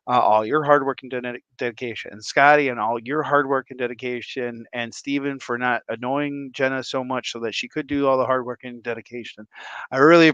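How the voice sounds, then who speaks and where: A man from Michigan hosting a livestream, giving goofy, playful shout-outs to his viewers. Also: medium pitch, no echo, highs cut off. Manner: playful and goofy, drawn-out silly repetitions. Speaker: livestream host.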